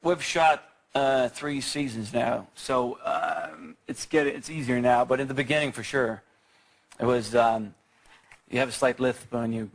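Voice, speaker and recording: A man's voice: mid-range voice, fairly even intonation, unhurried. A man in his thirties whose first language is Swedish, answering questions in a TV studio interview, hesitant with many fillers and restarts. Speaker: actor guest.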